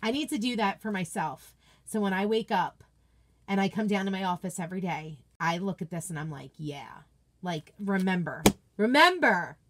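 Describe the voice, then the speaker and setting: A woman's voice: fairly low pitch, moderate pace. A woman hosting a casual unboxing video from her home office, gushing with enthusiasm and chatting to viewers' comments. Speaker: craft product seller and video host.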